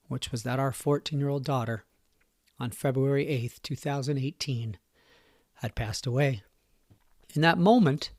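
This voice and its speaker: A man in his forties telling a personal story as a podcast host, in a somber, halting and emotional way. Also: mid-range voice, no room sound, clean studio sound.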